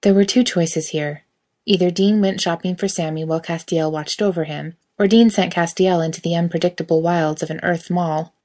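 A woman reading a story aloud in steady, quiet narration. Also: lowish voice, normal speed. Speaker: reader.

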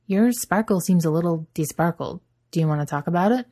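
A woman's voice: on the low side, animated, fairly quick. A woman voicing a shy, earnest young man who speaks sheepishly. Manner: sheepish, quiet.

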